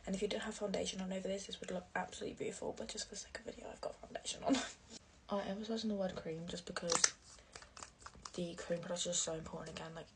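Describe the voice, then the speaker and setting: A young woman talks through her makeup routine in a chatty, gushing way, full of "like" and repeated words. Her voice sits a little low, recorded close on a phone at home with faint room ambience behind her. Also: darkish tone, a little hiss or hum. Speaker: makeup vlogger. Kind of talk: casual makeup tutorial.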